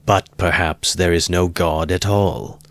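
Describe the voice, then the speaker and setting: A man voicing a feverish, brooding young man who speaks slowly and intensely, in an audiobook reading. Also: low voice, steady tone. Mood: bitter. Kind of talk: audiobook character voice.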